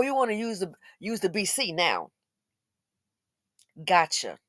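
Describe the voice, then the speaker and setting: This is a woman hosting her own opinion commentary, mid-pitched and talking straight into the mic. She sounds blunt and scolding with a sarcastic bite, in a dry room with no echo. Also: huge pitch swings, unhurried, fairly bright tone. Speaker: commentary channel host.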